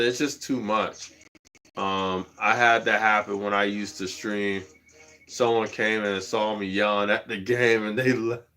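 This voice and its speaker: A man's voice: mid-range voice, bright, forceful tone. A man livestreaming, chatting casually and rambling, chuckling often as he talks.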